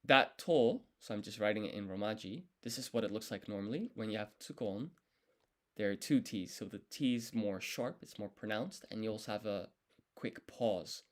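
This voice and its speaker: A man with a somewhat low voice talks through his study session on a live stream. He thinks aloud, pauses, second-guesses his answers and redoes them, all in a relaxed, casual manner.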